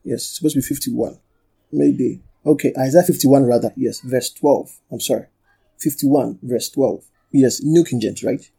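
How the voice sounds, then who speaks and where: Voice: mid-range voice, normal speed, vocal fry, mellow, slightly rough. A pastor preaching and teaching from the Bible, repeating key phrases for emphasis, calling for amens and asking the congregation to read aloud. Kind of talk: sermon and Bible study.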